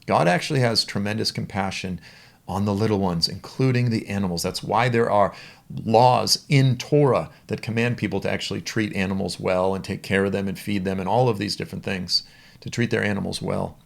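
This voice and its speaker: A man's voice: fairly low pitch, fairly quick, creaky. A man teaching the Bible in a conversational, storytelling way.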